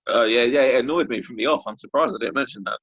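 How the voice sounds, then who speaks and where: A man's voice: medium pitch, fast talker, a bit bright, husky. A man co-hosting a casual wrestling chat, mostly giving short, dry agreeing replies. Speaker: co-host. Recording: dull lo-fi recording.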